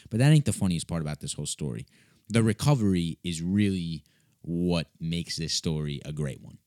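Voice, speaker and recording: A young man with a low, deep voice tells a comic personal story in a casual, offhand way. His talk is loose and salty, peppered with filler words. The sound is dry and close, with no room around it. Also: expressive, normal speed, darkish tone, no room sound. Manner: loose and profane, with many filler "like"s.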